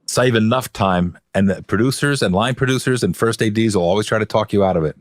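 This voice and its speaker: A man with a very deep, low voice settles into relaxed storytelling as a podcast guest, chuckling now and then. The sound is close and dry, with no room around it. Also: fairly quick, no echo. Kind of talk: casual chat. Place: podcast studio.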